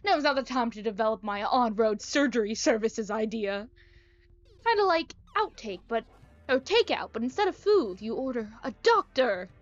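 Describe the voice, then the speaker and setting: A woman's voice: fairly high pitch, no echo, highs cut off, lightly acted. A woman voicing an eccentric, cheerfully sinister male doctor in a visual novel, with a theatrical, mock-menacing delivery.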